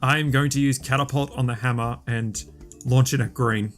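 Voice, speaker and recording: A man's voice: mid-range voice, steady tone, normal speed, faint music behind. A man playing in a tabletop game, thinking aloud hesitantly as he declares his moves. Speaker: player. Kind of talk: casual tabletop play.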